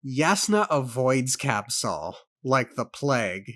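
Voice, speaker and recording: Man, book club co-host, reads aloud, laid-back, quick asides. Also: medium pitch, very animated, fairly bright tone, dry recording, studio quality. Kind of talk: casual book discussion with read-aloud.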